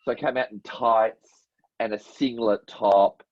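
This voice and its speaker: Ein Mann mittleren Alters mit australischem Akzent, der als Co-Moderator locker und selbstironisch plaudert. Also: male voice, on the low side, steady tone, a little slow, no room sound. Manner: easygoing, laughs along, self-mocking. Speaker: co-host. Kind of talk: casual comedy chat. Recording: dull, husky, dry lo-fi sound.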